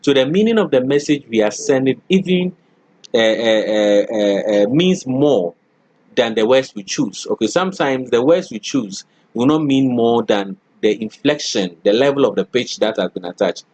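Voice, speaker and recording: A man's voice: mid-range voice, expressive, normal speed, darkish tone, no room sound. A middle-aged man lecturing a college class, often checking in with "okay" and "all right" and acting out spoken examples.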